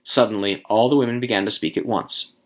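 A man reading a story aloud to a few listeners, expressive, with casual asides. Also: on the low side, brisk, breathy edge.

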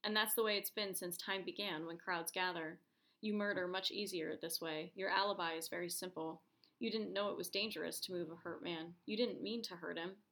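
A woman's voice: on the low side, fairly even intonation, fairly quick, a bit bright. A woman reading the lines of an injured man who bitterly accuses the crowd around him, as a pleading inner monologue. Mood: accusing.

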